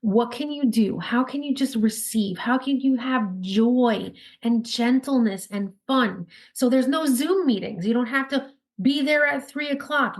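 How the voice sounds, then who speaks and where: Quick, bubbly woman with New York accent. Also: high voice. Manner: quick, upbeat, bubbly, with laughs. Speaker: podcast guest, spirit baby intuitive. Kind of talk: casual interview chat.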